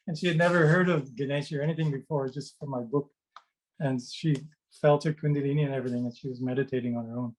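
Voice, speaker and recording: Talking fast in a steady, slightly mellow mid-range voice, a middle-aged man chats with children on a video call despite poor audio. He writes children's books and hosts meditations, and his casual stories ramble, with frequent fillers and restarts.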